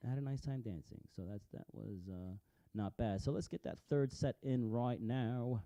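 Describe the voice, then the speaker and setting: Dark-voiced man ranting casually. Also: mid-range voice, normal speed, no room sound, dull audio. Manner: rambling, profane, stumbles and repeats words. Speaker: vlogger. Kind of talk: casual commentary over clips.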